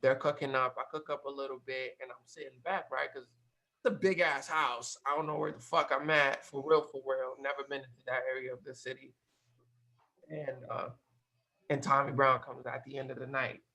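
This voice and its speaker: A man from Cape Verde telling a story in a casual interview, animated and slangy, swearing freely. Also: medium pitch, normal speed, poor audio. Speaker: guest.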